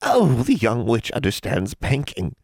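A man's voice: mid-range voice, huge pitch swings, unhurried, no echo, voice pushed up, full character voice. A man voicing a sly, mocking old female hag in an audiobook.

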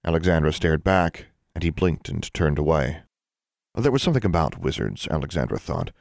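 A man reading a fantasy novel aloud as narrator, with measured storytelling. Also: a bass voice, expressive, gravelly, a little mellow, no echo, studio quality. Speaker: audiobook narrator. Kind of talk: scripted narration.

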